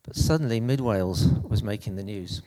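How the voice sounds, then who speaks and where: A man preaching an anecdotal sermon in a conversational, halting way, with frequent restarts. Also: fairly low pitch, animated, mellow, in a large hall.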